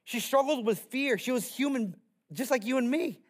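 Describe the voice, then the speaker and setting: Pastor, male, high-pitched, lively sermon delivery with playful bits. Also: moderate pace. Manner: animated storytelling with playful character voices.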